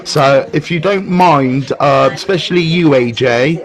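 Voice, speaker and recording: A middle-aged English man hosts a casual live stream, high-pitched and chatty. He jokes and swears freely, talking into a phone from home. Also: unhurried. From England. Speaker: recovery mentor hosting a live stream.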